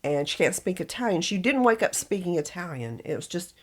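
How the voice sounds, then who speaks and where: A woman's voice: lowish voice, big pitch swings, brisk. A woman with a Southern US accent, co-hosting a podcast in casual chat and telling stories with frequent laughs. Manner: chatty storyteller, laughs often. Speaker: podcast co-host.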